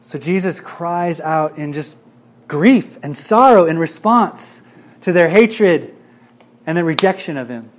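A man's voice: a little high, expressive, a little slow. A male pastor preaching a sermon in an earnest way, repeating phrases for emphasis.

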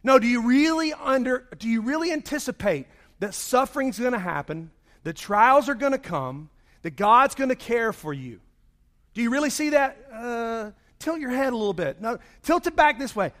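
A man's voice: very high-pitched, normal speed. A man preaching a conversational sermon after praying, his voice a bit worn from singing. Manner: conversational, animated storytelling. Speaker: pastor. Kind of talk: sermon with opening prayer.

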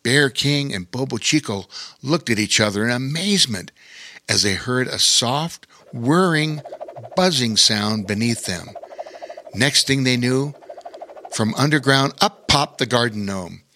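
A man narrating a children's story with lively, expressive delivery. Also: mid-range voice, measured pace.

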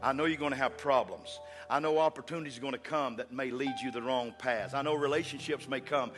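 Male pastor, mid-pitch, repetitive sermon cadence, music under the voice. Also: a little fast. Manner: rhythmic, repetitive preaching cadence with call-outs. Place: church sanctuary. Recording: long hall reverb with instrumental music. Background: instrument playing under the sermon.

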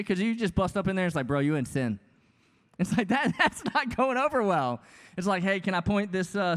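Joking young pastor in a big hall. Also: male voice, high voice. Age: 30s. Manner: casual, joking, conversational preaching with many asides. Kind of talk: sermon. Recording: long hall reverb.

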